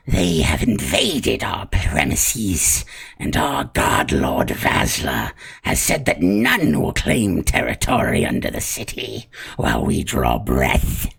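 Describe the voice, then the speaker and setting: A man voicing a menacing male rat-folk cultist leader in a tabletop game, drawing out slow, hissing threats. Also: sits low, very animated, gravelly, fairly bright tone, slightly rough, pitched below the performer's own voice, exaggerated voice. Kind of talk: tabletop role-play voice.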